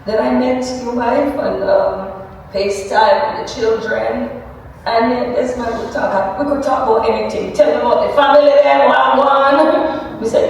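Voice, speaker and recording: A woman's voice: fairly high pitch, normal speed. Woman in an echoey hall. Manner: animated storytelling with laughter in her voice. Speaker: mourner giving a tribute. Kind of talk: fond reminiscing tribute. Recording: echoey hall, mic far off, faint noise.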